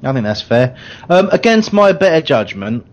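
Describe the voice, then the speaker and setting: A man's voice: mid-range voice, big pitch swings, normal speed. A man hosting a casual radio chat, dry and hesitant, often apologetic. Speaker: show host. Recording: slightly lo-fi sound.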